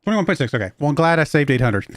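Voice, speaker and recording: A man's voice: fairly high pitch, very animated, fairly quick, no echo. A man with a slight Southern US accent, chatting loosely and chuckling while streaming a farming game. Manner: chatty, rambling, chuckles often. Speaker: livestream gamer. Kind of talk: casual livestream commentary.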